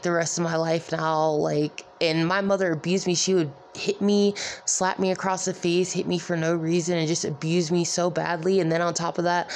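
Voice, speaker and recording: A weary, distressed woman talking to her viewers in a rambling, halting way, with many repeated "like"s. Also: on the low side, darkish tone, a little hiss or hum. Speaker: vlogger. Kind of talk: emotional personal vlog.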